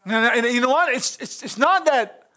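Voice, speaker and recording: A man's voice: very high-pitched, moderate pace, pushed and bright. A middle-aged man, a pastor, preaching an informal sermon in church, folksy and chuckling as he talks straight to the congregation.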